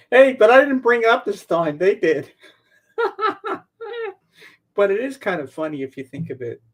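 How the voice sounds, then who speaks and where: A man's voice: high-pitched, huge pitch swings, a little slow, long pauses. A man co-hosting a podcast in casual chat, telling stories and cracking himself up easily. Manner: giggly storyteller, easily cracks up. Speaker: podcast co-host.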